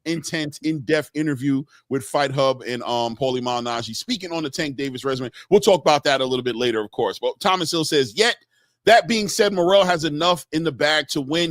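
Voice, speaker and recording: A man hosting a casual boxing live stream, reading out viewer comments and giving shout-outs in a loose, chatty way. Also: on the high side, dry recording, studio quality. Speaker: boxing show host.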